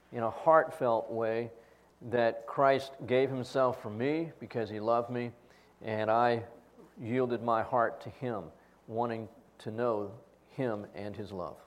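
A pastor preaches in an earnest, personal way and speaks at a medium pitch. He tells his stories with feeling and acts out the quoted lines. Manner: earnest storytelling with acted quotes. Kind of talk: sermon.

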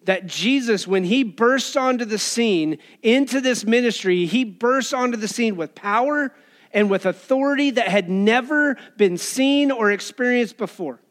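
Man, pastor, sermon, high voice, lively, casual asides. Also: measured pace.

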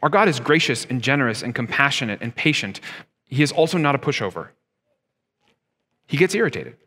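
A man's voice: medium pitch, big pitch swings, fairly quick, bright, forceful tone, slightly rough. A man in his thirties preaching a sermon as pastor, talking conversationally and asking his listeners rhetorical questions. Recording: long hall reverb.

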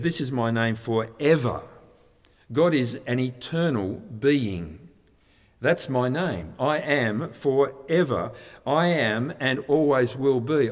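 Preaching man in a reverberant hall. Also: medium pitch. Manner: conversational, explanatory teaching with frequent restarts. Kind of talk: sermon.

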